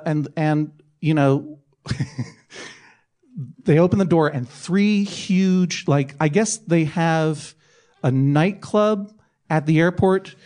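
A man's voice: a little high, a little mellow. A middle-aged man telling a comic anecdote on a podcast, self-mocking and laughing through it. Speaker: podcast guest telling a story.

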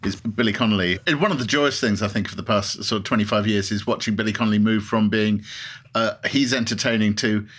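A man hosting an interview over a meal, asking questions in a measured, articulate, slightly wry way. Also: on the low side, steady tone, a bit bright. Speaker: interviewer host.

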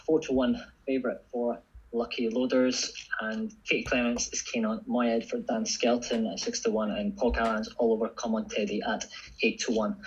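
A man hosting a horse racing tips show with a husky voice, briskly reading odds and handing over to panelists. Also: mid-range voice, fairly bright tone. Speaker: host. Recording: dull lo-fi audio.

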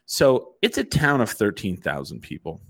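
A middle-aged man telling a profane, animated story in casual chat as a host. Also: on the low side, normal speed.

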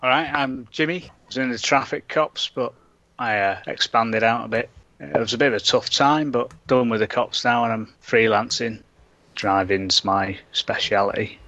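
A man, a tabletop player, introducing his character in a relaxed, chatty way. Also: medium pitch, normal speed, no room sound. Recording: dull dry lo-fi sound.

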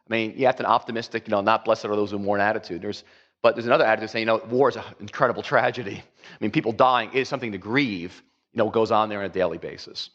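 A man's voice: lowish voice, fast talker, fairly bright tone, dull audio. A man preaching a conversational sermon as a pastor, rambling with many fillers and acting out quotes.

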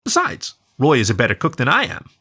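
A man voicing a young mother dog who talks in a bright, teasing way. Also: mid-range voice, huge pitch swings, fairly quick, husky, pitched above the performer's own voice, exaggerated voice. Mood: fond.

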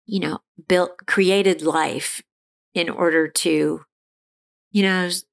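Middle-aged female guest, gravelly and fairly low, candid and halting with many restarts. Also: steady tone. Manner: halting, frequent restarts and fillers, laughs now and then. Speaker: guest sharing her recovery story. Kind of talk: candid personal storytelling.

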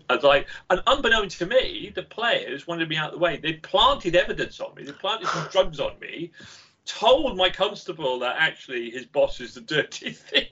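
A man talking as a podcast guest, an animated storyteller who laughs while telling anecdotes, on a dull lo-fi recording. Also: fairly high pitch, moderate pace, a little hiss or hum. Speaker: game company founder, podcast guest. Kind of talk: casual podcast conversation.

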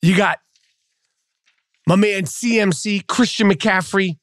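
A man's voice: sits high, takes it slowly, fairly bright tone, dry recording, studio quality. A male podcast host delivering a profane, mocking sports rant. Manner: profane, mocking, trash-talking.

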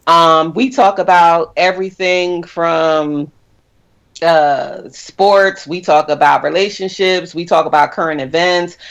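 Low-voiced chatty woman guest. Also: steady tone. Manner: chatty, laughs often, slows down to spell things out. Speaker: podcast guest, co-host of her own podcast. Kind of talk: casual podcast chat.

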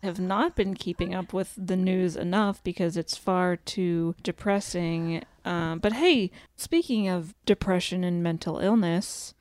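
A woman's voice: lowish voice, a little slow, few pauses, darkish tone, dry recording, studio quality. A woman co-hosting a podcast in casual chat, easygoing and agreeable, often chiming in with short replies. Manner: easygoing, agreeable, lots of backchannel. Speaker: podcast co-host.

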